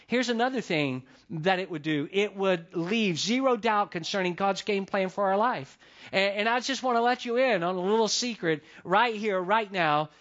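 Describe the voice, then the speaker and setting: A man's voice: high-pitched, fairly bright tone. A male pastor giving a sermon in a conversational way, often repeating phrases for emphasis.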